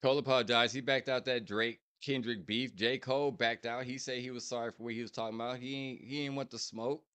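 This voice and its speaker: A man hosting a reaction channel, repeating lines and breaking down their meaning in casual, animated commentary. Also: medium pitch, fast talker. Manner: repeats lyric lines and explains them, animated.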